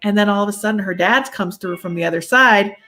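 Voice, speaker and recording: A woman's voice: mid-range voice, quick pace, sharp tone. A woman hosting a casual chat, a medium who tells chatty stories and acts out what people said. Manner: chatty storyteller, acts out quotes. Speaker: podcast host and medium.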